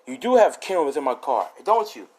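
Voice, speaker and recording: A frantic, hot-tempered teenage boy in a casual storytelling voice, put on by a man. The voice is pushed high and swings wildly while he yells and curses. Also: big pitch swings, brisk. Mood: suspicious angry. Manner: yelling and cursing in a panic.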